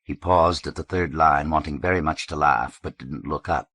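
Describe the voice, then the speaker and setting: Male audiobook narrator, measured and understated, very low voice, dry close sound. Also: a bit bright, no echo.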